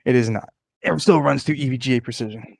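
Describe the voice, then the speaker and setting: A man co-hosting a casual livestream, energetic and joking, calling people "dude". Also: mid-range voice, fast talker, creaky, no echo, clean studio sound. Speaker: PC company co-host.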